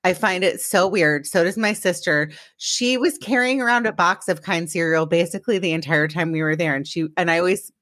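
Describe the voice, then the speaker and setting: A woman's voice: on the low side, a little fast, hardly any pauses, fairly bright tone, dry recording, clean studio sound. A woman hosting a podcast, telling rambling personal stories in a casual chat before introducing her guest. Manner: chatty, rambling storytelling. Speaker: podcast host.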